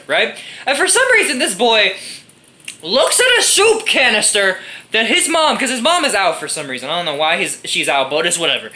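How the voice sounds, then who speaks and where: A woman's voice: mid-range voice, very animated, normal speed, pushed and bright. A young woman in a casual comedic movie rant, profane and sarcastic. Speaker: movie reviewer.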